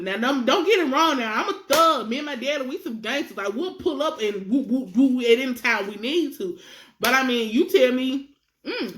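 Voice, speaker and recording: Brief: young woman, slightly high voice, slangy, expressive storyteller who laughs a lot. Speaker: vlogger. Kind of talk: casual storytelling.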